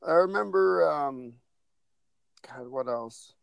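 A man with a slightly high-pitched voice tells a story on a casual podcast. He rambles, restarts his sentences and leans on fillers as he goes. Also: lively intonation, takes it slowly, gravelly, dry recording, poor audio. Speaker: podcast co-host.

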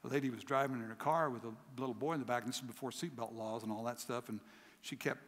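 A man preaching a sermon as a guest pastor, telling stories with lively acted voices and swinging from emphatic peaks to quiet lows. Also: fast talker. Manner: animated storytelling, acts out voices in his stories; rising to emphatic peaks then dropping low. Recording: long hall reverb.

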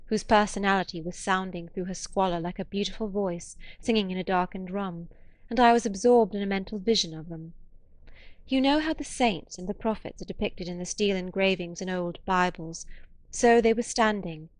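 A woman narrating a classic novel in a measured, expressive audiobook reading. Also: medium pitch, no echo.

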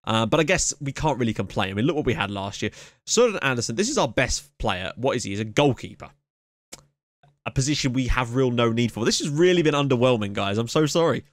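A man hosting a let's play, giving excitable running commentary on a match with sudden yelps at big moments. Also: mid-range voice, a little fast, no echo, clean studio sound. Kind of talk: casual gameplay commentary. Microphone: camera mic.

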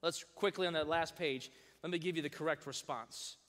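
A male pastor giving a lively sermon, reading scripture with emphasis and leading the congregation to repeat phrases aloud. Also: a little high, fairly quick. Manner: reads scripture in old-fashioned wording with rising emphasis. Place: large church sanctuary. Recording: long hall reverb.

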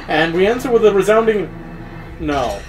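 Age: adult. Sex: woman. Style: let's play gameplay commentary, laughing and cursing at the game. Pitch: lively, swinging up and down. Pace: slow and drawn-out. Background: faint game music. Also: rough recording. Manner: laughing often, swearing at the game.

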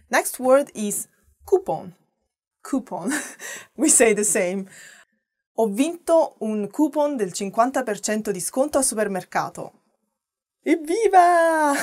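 A woman's voice: a little high, darkish tone. A woman with an Italian accent teaching vocabulary in a chatty, playful way, often laughing and asking viewers questions. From Italy. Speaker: language teacher. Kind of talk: casual vocabulary lesson to camera.

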